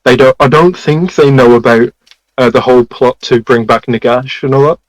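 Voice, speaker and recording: A man's voice: medium pitch, fairly even intonation, normal speed, rough recording. Easygoing man explaining at a game table. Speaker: player. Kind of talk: casual tabletop game chat.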